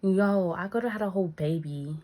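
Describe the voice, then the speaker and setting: A young woman tells a story in a casual vlog, acting out what people said with big jumps in her voice. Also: brisk. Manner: animated, acts out quotes with big pitch jumps. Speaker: vlogger.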